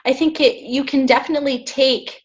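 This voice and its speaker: A woman's voice: sits high, fairly even intonation, brisk, highs cut off. A woman hosting a podcast interview, asking questions appreciatively with some ums and fillers. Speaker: podcast host. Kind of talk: conversational interview.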